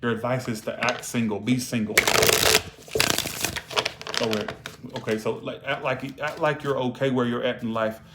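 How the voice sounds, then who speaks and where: Against a noisy background, a man with a mid-range, fairly even voice speaks at normal speed with long pauses during a casual live-streamed tarot reading. He is blunt and profane, scolds viewers, and repeatedly inserts "all right?"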